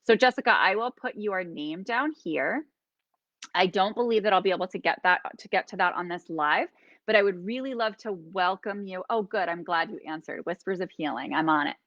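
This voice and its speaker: A woman hosting a live-streamed oracle card reading, gently encouraging and guiding listeners through slow breathing. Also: on the low side, dry recording, highs cut off. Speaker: host and healer.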